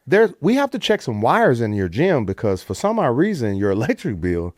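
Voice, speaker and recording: Middle-aged American man, podcast storyteller, very expressive pitch, dry close mic. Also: moderate pace, dry recording. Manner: animated storyteller, puts on voices for quotes, swears freely. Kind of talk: casual storytelling.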